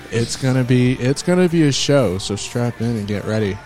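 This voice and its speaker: An upbeat male co-host talks over a remote call, steering the chat and running through the topics. His voice sits at an ordinary middle pitch. Faint music plays quietly behind him. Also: measured pace. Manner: upbeat, lays out the show rundown. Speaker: podcast co-host. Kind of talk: casual group chat.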